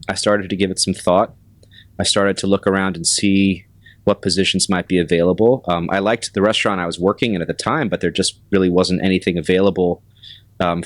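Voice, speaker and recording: A man with a very low, deep voice talks through his career as a guest on an interview podcast. He speaks in a measured, halting way, with plenty of pauses and restarts. The sound is dry and close. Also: dry recording. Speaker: restaurant general manager, guest. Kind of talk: casual interview talk.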